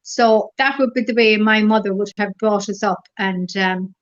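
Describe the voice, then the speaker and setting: A middle-aged Irish woman chats as an interview guest, gentle and meandering, her thoughts looping back with "as I said." Her voice sits at an ordinary middle pitch. The recording is dull and a bit lo-fi. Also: normal speed. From Ireland. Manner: gentle, rambling storyteller with many fillers. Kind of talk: casual interview.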